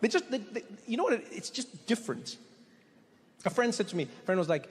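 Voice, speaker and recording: High-voiced comedian on a big stage. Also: male voice, fast talker. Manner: animated, stammering restarts for effect. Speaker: stand-up comedian. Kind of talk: stand-up storytelling. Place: large performance hall. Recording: live hall reverb, faint noise.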